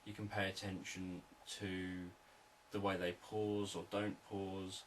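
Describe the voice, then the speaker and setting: Deep-voiced man teaching calmly. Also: takes it slowly, distant mic, a little hiss or hum, rough recording. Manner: calm, repetitive explanatory delivery. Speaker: hypnotherapist and sales trainer. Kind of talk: unscripted teaching talk.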